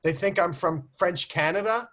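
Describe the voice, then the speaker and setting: Man from the US, slightly high voice, lively rambling talk, video call. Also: normal speed. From United States. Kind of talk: casual group video call discussion.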